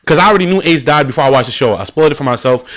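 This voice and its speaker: A young man streaming and chatting casually, excitable and slangy with emphatic outbursts. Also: fairly high pitch, racing. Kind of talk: casual gaming and anime chat.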